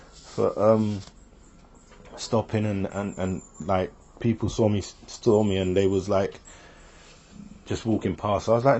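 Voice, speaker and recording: Husky low-voiced man telling a story. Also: steady tone, moderate pace, mellow. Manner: rambling, repeats himself, quotes others. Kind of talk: personal storytelling.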